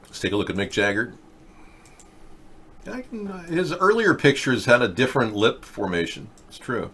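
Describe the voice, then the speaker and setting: A man's voice: medium pitch, very animated, normal speed, a bit bright, slightly rough. A man hosting a political talk show, chatting casually and thinking aloud with plenty of fillers and restarts. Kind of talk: rambling casual commentary. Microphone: webcam or desk mic for a video chat.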